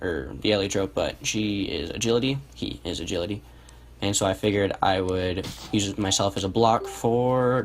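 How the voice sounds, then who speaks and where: A man's voice: on the low side, a little hiss or hum. A young man casually commentating a replay of his own match, thinking aloud and correcting himself as he goes. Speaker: gameplay commentator. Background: music.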